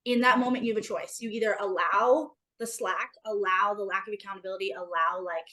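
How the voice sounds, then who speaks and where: A woman's voice: mid-range voice, fairly even intonation, brisk, pushed and bright, poor audio. A woman co-hosting a casual podcast chat, talking in an emphatic, motivational way and swearing casually. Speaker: podcast co-host.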